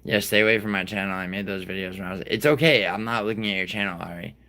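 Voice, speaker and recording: A man's voice: deep voice, fast, bright, forceful tone. A man in his thirties hosting a livestream, chatting casually with viewers in a rambling, profane way. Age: 30s. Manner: profane, rambling, talks to chat by name. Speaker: livestream host.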